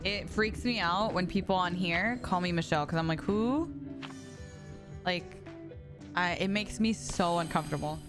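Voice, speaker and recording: A young woman with a fairly low voice speaks at normal speed while playing a game live. She banters casually with her viewers, often swearing and laughing, with music in the background.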